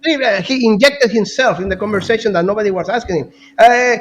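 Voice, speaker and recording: A man talking as a guest analyst in casual political commentary, animated, repeating words and now and then coughing. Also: high-pitched, fast talker, a little hiss or hum, poor audio.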